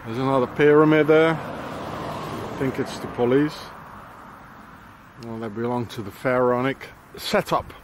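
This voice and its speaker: A man's voice: medium pitch, measured pace, pauses often, noisy background. A man vlogging on a walk around town, rambling in a conspiratorial way as he points things out to a handheld camera. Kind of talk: walking commentary to camera.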